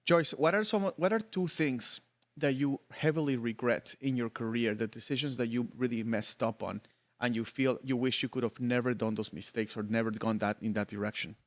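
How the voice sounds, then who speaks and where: A man's voice: medium pitch, normal speed. A man hosting a podcast, chatting casually and joking with his guest, laughing often. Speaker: podcast host. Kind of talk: casual interview chat.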